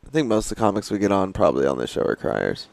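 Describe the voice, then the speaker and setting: Laid-back man with a low, dry voice. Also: very animated, racing, creaky, darkish tone, dry recording. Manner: rambling, self-interrupting, laughs easily. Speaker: podcast co-host. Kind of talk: casual chat.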